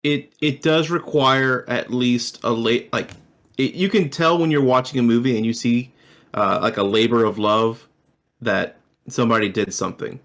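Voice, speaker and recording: A man's voice: mid-range voice, normal speed, a bit bright. A man chatting casually on a podcast, adding thoughtful, agreeable points. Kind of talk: casual chat.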